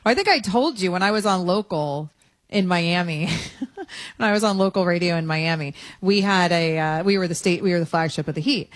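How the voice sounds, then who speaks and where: A woman's voice: lowish voice, a little fast, no echo. A woman hosting a sports radio show in a studio, chatting casually in a playful, teasing way and laughing easily. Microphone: studio microphone.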